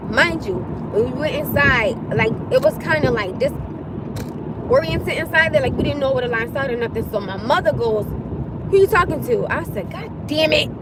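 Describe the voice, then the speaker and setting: A woman telling a story to her live viewers in a casual rant, animated and exasperated, laughing often. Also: high voice, normal speed, very noisy. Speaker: livestream host.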